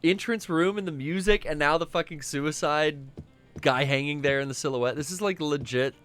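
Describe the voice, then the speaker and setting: A man's voice: on the high side, moderate pace, fairly bright tone, clear, resonant tone, faint music behind. A man co-hosting a gaming stream, chatting casually while he plays, rambling and swearing often. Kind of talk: casual let's-play chat.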